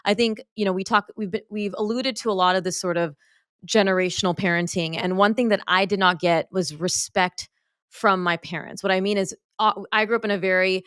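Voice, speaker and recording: A woman's voice: mid-range voice, steady tone, brisk, a bit bright, clean tone, no echo, studio quality. A woman podcast host and pediatrician in casual interview chat, telling personal stories in an earnest, open way.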